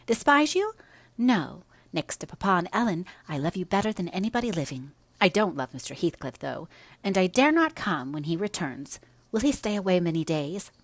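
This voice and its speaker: A woman's voice: lowish voice, big pitch swings, fairly quick, no room sound, voice pushed up. A woman reading aloud, voicing an impulsive, spirited teenage girl who speaks earnestly. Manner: earnest, impetuous.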